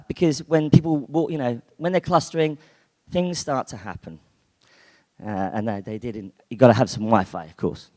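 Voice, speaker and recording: A man from the UK gives a keynote in a conference hall, his medium-pitched voice a little mellow. The talk is chatty, with plenty of fillers and restarts, and long hall reverb colors the sound.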